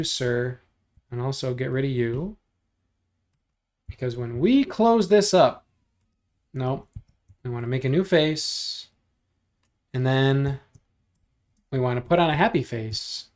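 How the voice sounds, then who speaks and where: A man hosting a livestream, chatting casually and thinking out loud as he builds 3D models, joking and teasing himself along the way. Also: mid-range voice. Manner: joking, self-deprecating, thinks out loud while clicking. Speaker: livestream host modeling in 3D software. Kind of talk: casual livestream chat while working.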